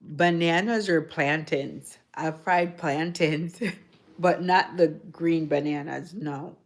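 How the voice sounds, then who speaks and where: A woman's voice: low-pitched, fairly even intonation, takes it slowly. A woman hosting a casual livestream, chatting in a rambling, easygoing way full of "like" and "you know". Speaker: livestream host.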